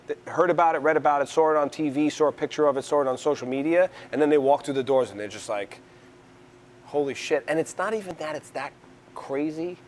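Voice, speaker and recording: A man's voice: a little high, slight background noise. A man from New York City talking in a conversational interview, rambling with frequent restarts. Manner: rambling, restarts often, animated storyteller.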